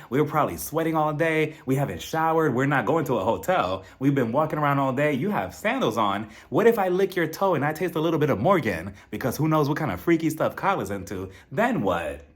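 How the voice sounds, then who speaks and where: A man's voice: fairly high pitch, big pitch swings, brisk, few pauses. A man recapping a reality TV episode with sarcastic, dramatic asides. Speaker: TV recap host.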